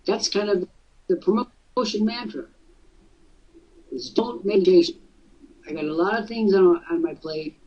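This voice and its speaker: A man's voice: high voice, measured pace, long pauses, slightly rough, far from the mic, lo-fi sound. A male host giving casual coaching talk, jokey and teasing, slipping into mock voices.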